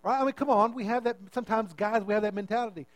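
A man's voice: high-pitched, fast talker, no room sound, low-quality recording. A man preaching a sermon as pastor, emphatic and repeating his phrases as he calls out to the congregation.

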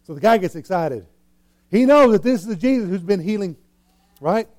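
A man preaching a sermon, retelling a scripture story with lively acted-out scenes and big swings between soft and loud. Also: high-pitched, normal speed. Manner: animated storytelling, acting out scenes with swings in loudness.

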